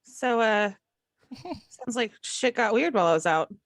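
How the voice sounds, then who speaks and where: A woman's voice: a little high, animated, a little slow, no room sound, clean studio sound. A woman co-hosting a live podcast over a video call, joking and playful. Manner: joking, playful, laughs a lot. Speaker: podcast co-host. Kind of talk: casual live-stream chat.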